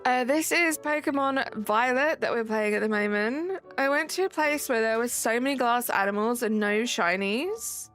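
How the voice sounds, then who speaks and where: High-voiced woman streamer chatting casually. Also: normal speed, hardly any pauses, a bit bright. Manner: chatty, reads chat aloud and jokes back. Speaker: live streamer. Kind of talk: casual live-stream chat. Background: faint game music.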